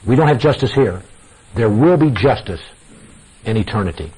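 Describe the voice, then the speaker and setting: This preacher's voice is lowish and a little mellow with a breathy edge, lively in intonation at a moderate pace. Over a lo-fi radio broadcast, he addresses his congregation as "guys," emphatically repeating phrases for effect.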